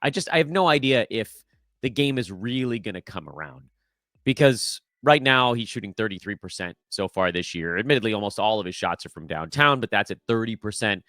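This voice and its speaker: A man's voice: lowish voice, lively intonation, fairly quick, sharp tone, no echo, studio quality. A middle-aged man hosting a casual sports podcast, talking in a wry, self-deprecating, chatty way with frequent fillers. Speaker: podcast host. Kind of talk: casual fantasy basketball podcast.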